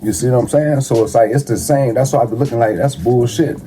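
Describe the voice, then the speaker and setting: A man's voice: mid-range voice, fast, dark tone. A man talking casually and bluntly, full of profanity and street slang, giving advice in a conversational monologue. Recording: music playing behind the voice. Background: music.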